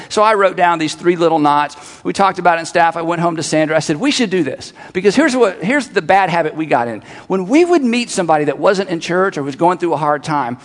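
A middle-aged man preaching a sermon as pastor, animated and repeating his key phrases for emphasis while leading the congregation. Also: high-pitched. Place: large church auditorium. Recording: long hall reverb.

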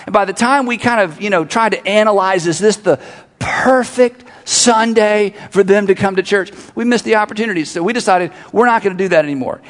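A middle-aged male pastor with a notably high voice, preaching in an animated way and hammering his points home through repetition. His words ring out with a long reverb across a big church auditorium. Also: a little fast. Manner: animated, repeats phrases for emphasis, leads congregation in call-and-response. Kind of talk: sermon.

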